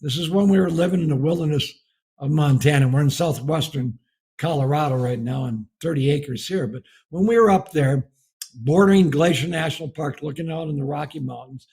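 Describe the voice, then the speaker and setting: A man's voice: fairly high pitch, brisk, darkish tone, husky. A man preaching a marriage message as a folksy story and chuckling often as he tells it. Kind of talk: storytelling sermon.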